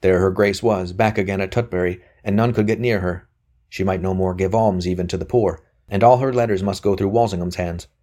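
A man reading aloud, voicing an excitable young male conspirator who snaps and sneers bitterly. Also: low-pitched, fairly quick, lightly acted. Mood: eager. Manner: snapping, bitter, boastful.

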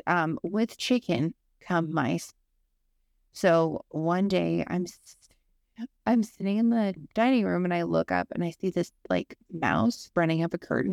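Young adult woman, podcast co-host, low gravelly voice, rambling casual storyteller, dry close mic. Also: a little mellow, dry recording. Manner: rambling, digressive storyteller with lots of fillers.

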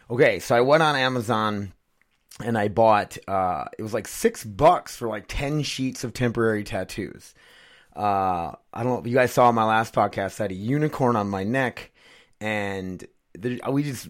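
Rambling profane podcast host guy. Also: on the low side. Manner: rambling, profane, self-mocking. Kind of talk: casual podcast chat. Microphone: condenser studio mic.

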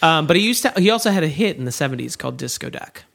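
A man's voice: fairly high pitch, sing-song, racing, creaky, a bit bright. A young man co-hosting a podcast, chatting casually and joking, often slipping into mimicked voices. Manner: jokey, breaks into mimicked voices. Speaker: podcast co-host. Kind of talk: casual chat.

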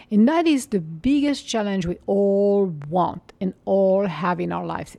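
A woman giving a calm, reflective spiritual monologue, unhurried and sometimes dropping into a soft whisper, with light laughs as she tells stories. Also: medium pitch, creaky, dry recording. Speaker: mindfulness speaker.

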